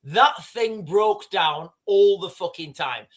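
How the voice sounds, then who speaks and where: Profane rambling livestream host. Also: male voice, sits high, slow. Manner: profane, rambling, animated storytelling. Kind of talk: casual ranting commentary.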